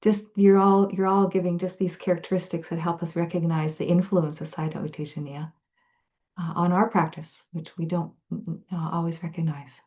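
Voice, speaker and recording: A woman moderating a panel, speaking softly and haltingly. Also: on the low side, flat delivery, dull audio. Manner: soft, halting, with fillers.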